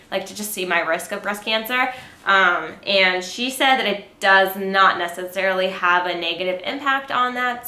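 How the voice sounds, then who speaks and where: A chatty young woman talks straight to her viewers in a loose, filler-heavy vlog style. Her voice is bright and forward. The room around her rings with echo. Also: mid-range voice. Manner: chatty, rambling, lots of fillers and "like". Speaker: fitness and health vlogger. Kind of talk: casual educational vlog. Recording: echoey room.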